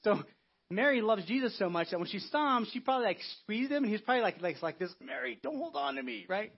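Casual pastor, male, high husky voice, chatty delivery, dull lo-fi church recording. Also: lively intonation, fast. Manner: conversational, acting out biblical quotes. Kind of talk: Easter sermon.

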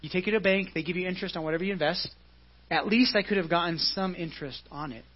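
A man with a high, husky voice preaches a relaxed, conversational sermon, walking his listeners through scripture and tossing in "right?" along the way. The recording is dull and muffled, like a church service captured on modest equipment. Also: fast. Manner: explains scripture casually, often asks "right?". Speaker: pastor.

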